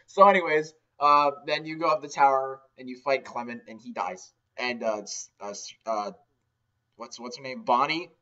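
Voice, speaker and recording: A man's voice: medium pitch, a little fast, fairly bright tone. A man giving a rambling, sarcastic comedic game recap, swearing often, recorded on a dull, lo-fi mic. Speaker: game ranter.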